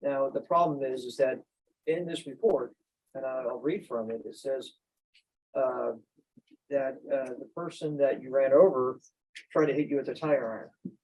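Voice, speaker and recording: A man's voice: mid-range voice, moderate pace, darkish tone, low-quality recording. A man acting as prosecutor, cross-examining a defendant in a courtroom with methodical questions.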